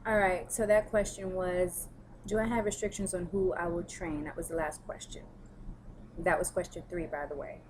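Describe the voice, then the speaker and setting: A woman's voice: fairly low pitch, fairly even intonation, moderate pace, a little hiss or hum, poor audio. A woman who works as a personal trainer, chatting candidly in a casual vlog as she answers viewer questions. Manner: chatty, candid, storytelling with frequent fillers.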